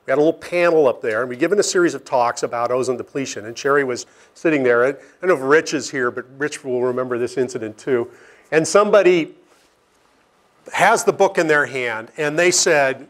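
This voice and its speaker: A man's voice: fairly high pitch, a little fast, a bit bright. A middle-aged man from Seattle, a scientist giving an informal lecture to a live audience, telling anecdotes with self-deprecating jokes and frequent "okay?" checks. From Seattle, United States.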